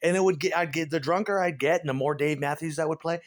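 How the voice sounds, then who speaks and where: Middle-aged man, stand-up comic, profane, animated, ranting. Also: on the high side, fast talker. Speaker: comedian. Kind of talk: stand-up rant.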